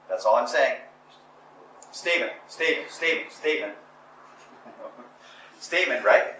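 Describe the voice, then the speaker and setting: A man giving a live motivational talk to an audience, emphatic and repetitive, building to forceful exhortation. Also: medium pitch, lively intonation, measured pace, long pauses. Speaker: motivational speaker. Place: indoor conference or seminar room. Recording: echoey room, voice picked up from a distance with faint noise.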